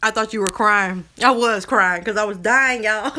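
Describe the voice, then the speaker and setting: A woman, talking to her viewers in a casual live stream, animated and drawling. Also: mid-range voice, normal speed, hardly any pauses. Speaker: co-host of a live video chat. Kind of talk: casual live-stream chat reading comments.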